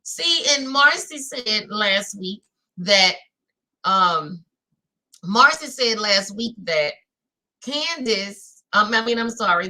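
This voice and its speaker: A woman's voice: a little high, bright, forceful tone. A woman with a Louisiana accent hosting a casual recap chat, talking straight to her viewers. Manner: chatty, talks straight to viewers with "y'all". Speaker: host.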